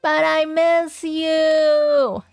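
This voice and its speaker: A woman's voice: sits high, level tone, drawn-out words, vocal fry, no echo, faint music behind, pitched above the performer's own voice, exaggerated voice. Woman doing a quivering lovesick teen boy. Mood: pleading. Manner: quivering, pleading. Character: lovesick teenage boy, pleading and hurt.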